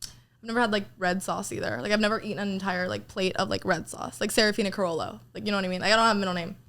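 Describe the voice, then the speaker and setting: Chatty young woman, rambling and animated. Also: mid-range voice, very fast. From New Jersey, USA. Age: young adult. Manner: rambling storyteller, frequent "like", swears casually. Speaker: podcast guest. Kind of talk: casual chat.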